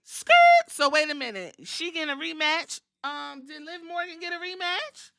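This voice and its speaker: A woman hosting a podcast, recapping a wrestling show in animated, profane, storytelling chat. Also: high voice, normal speed, gravelly, noisy background. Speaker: podcast host.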